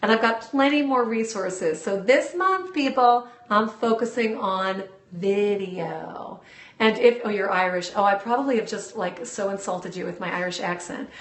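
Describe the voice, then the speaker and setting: A woman's voice: medium pitch, moderate pace, reverberant. A woman hosting a live-stream video Q&A, bubbly and enthusiastic, chatting casually with her viewers through a phone.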